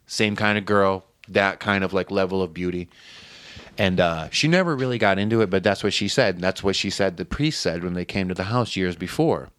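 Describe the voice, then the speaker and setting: A man's voice: low voice, a little fast, fairly bright tone, clear, resonant tone, no echo. A man from Connecticut telling a story as a podcast guest in casual, profane chat. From New Haven, Connecticut.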